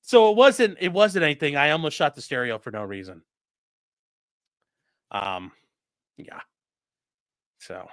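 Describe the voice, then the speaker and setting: A man in his late thirties telling a story in a casual, animated and profane way as the host of a livestream, full of gun jargon. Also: fairly high pitch, a little slow, long pauses, smooth, no echo. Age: late 30s.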